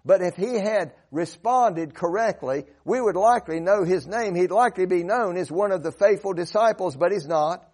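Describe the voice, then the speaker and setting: A man's voice: high-pitched, normal speed, hardly any pauses, a little mellow. A man preaching a sermon, earnest and emphatic, reciting scripture in old-fashioned wording.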